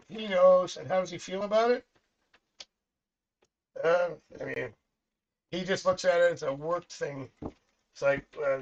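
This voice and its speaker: A chatty middle-aged man reads tarot on a live stream in casual conversation, rambling, laughing a lot, and telling family stories. His voice is fairly high with vocal fry, and the recording is muffled.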